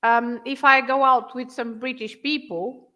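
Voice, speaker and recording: A woman's voice: fairly high pitch, unhurried. A woman from Portugal with a Portuguese accent, chatting as a guest about language and culture, often laughing. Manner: laughs often, warm and lively. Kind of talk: casual chat.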